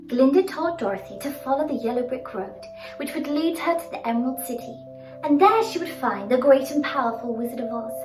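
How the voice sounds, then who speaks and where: A woman telling a children's storybook tale in an expressive, exclaiming, sing-song manner. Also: fairly high pitch, recorded from a distance. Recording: roomy sound from off-mic, faint music.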